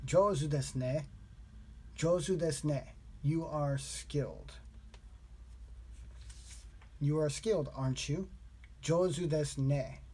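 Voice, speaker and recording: A man vlogging his language study, slowly repeating practice phrases aloud in a casual way. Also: on the high side, mellow. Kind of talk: casual self-taught lesson vlog.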